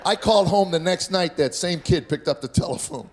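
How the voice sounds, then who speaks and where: A man's voice: high voice, a little fast. A middle-aged man doing a stand-up comedy routine, telling stories and acting out voices. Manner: storytelling, animated, acting out voices. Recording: live club audio with audience noise.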